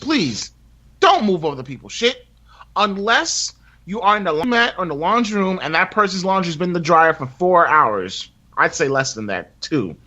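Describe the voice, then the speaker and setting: A man on a podcast, telling a long rant in casual chat, profane and animated, acting out quotes. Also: high-pitched, normal speed. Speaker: podcast co-host. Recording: dull lo-fi sound.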